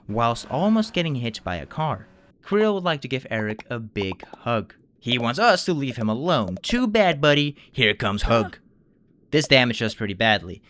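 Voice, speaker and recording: Animated man narrating a game playthrough. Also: medium pitch. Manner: joking asides to viewers. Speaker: gaming YouTuber.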